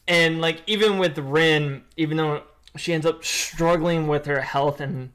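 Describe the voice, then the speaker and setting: A man's voice: a little high, unhurried, a bit bright. A man talking casually about an anime, emotive and rambling with many fillers. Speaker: co-host. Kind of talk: casual anime review chat.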